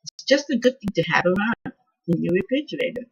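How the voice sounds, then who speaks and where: A woman hosting a casual cooking vlog from her home kitchen, quiet and soft-spoken, chatting in a rambling way and trailing off as she cooks. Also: medium pitch, lively intonation, brisk, muffled recording, slight background noise. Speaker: cooking channel host.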